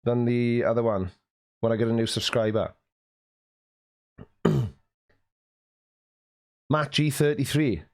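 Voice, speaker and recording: Welsh male streamer, chatty and teasing, reads chat aloud, frequent throat-clearing. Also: medium pitch, slow, long pauses. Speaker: live stream host. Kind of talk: casual live stream chat, reading out viewer comments. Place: warm room at home, at his desk.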